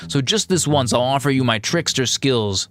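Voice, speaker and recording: A man's voice: mid-range voice, animated, moderate pace, fairly bright tone, soft background music, lightly acted. A man voicing a small, cheeky male mouse who works as a trickster thief, with a playful, mischievous manner.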